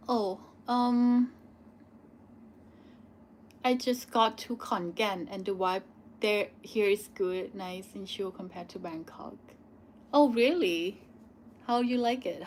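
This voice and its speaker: A young Thai woman with a Thai accent, Thai as her first language, hosting a live question-and-answer stream in a loose chatty way with many "like" and "um" pauses. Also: medium pitch, darkish tone, slight background noise. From Thailand. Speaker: channel host answering viewer questions.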